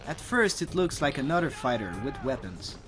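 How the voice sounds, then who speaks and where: A man's voice: mid-range voice, very animated, normal speed, a bit bright. A man narrating a scripted retro game review in a wry, blunt and casually crude way. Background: game music.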